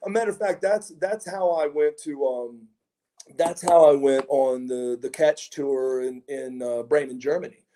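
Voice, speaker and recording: A middle-aged man in an interview, reminiscing about his wrestling days in a mellow, warm voice. He rambles, stumbles over repeated words and restarts his sentences, and chuckles between anecdotes. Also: mid-range voice, unhurried. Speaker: interview guest, former pro wrestler. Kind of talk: casual anecdotal storytelling.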